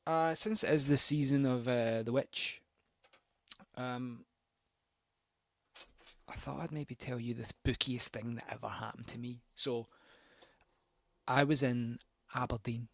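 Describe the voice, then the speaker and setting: A man's voice: mid-range voice, no echo, studio quality. A man hosting a record show, telling a rambling, sweary, self-mocking anecdote between records. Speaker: radio host spinning records.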